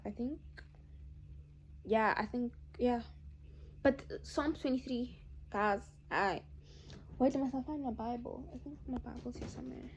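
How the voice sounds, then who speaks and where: A young woman talks straight to her viewers, emphatic and animated, often calling them "guys." Her voice sits a little high. She moves between heated opinion and quieter reflection. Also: measured pace, pauses often, slightly rough, dull audio. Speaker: vlogger. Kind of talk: casual chat to camera.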